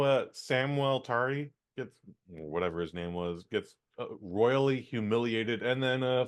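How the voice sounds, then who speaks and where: A man from San Francisco co-hosting a casual podcast, rambling bluntly and swearing. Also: medium pitch. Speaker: podcast co-host.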